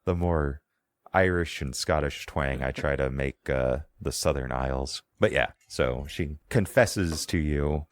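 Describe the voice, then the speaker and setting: A man narrating a tabletop role-playing game as game master, in a casual, halting way. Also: very deep voice, no echo. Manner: casual, halting, lots of fillers and laughs.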